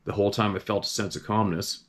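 A young man with a somewhat low voice narrates a first-person story from a night in the woods. He reads it in an earnest, steady way, now and then stumbling and restarting a phrase. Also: fast. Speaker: host reading a viewer's story.

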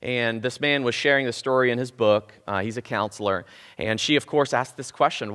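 A man's voice: mid-range voice, brisk, a bit bright, big-room sound. A man preaching a sermon as pastor, impassioned and emphatic, repeating key phrases. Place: church sanctuary.

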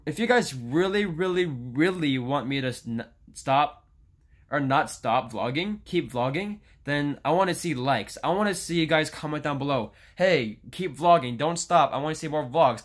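A nineteen-year-old man venting in a casual vlog, rambling and frustrated, with restarts and swearing. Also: fairly high pitch. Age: young adult. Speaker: YouTuber.

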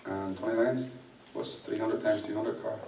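Creaky, dark, and on the low side, a male magician's voice holds a steady tone at normal speed as he does mind-reading before an audience in a large indoor venue. He teases the crowd playfully and directs volunteers, captured via a distant mic in an echoey room with faint noise.

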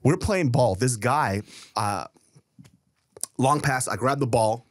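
A man co-hosting a podcast, telling a profane anecdote in an animated, casual way. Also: mid-range voice, slow, no room sound, studio quality. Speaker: podcast co-host. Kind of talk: casual storytelling chat.

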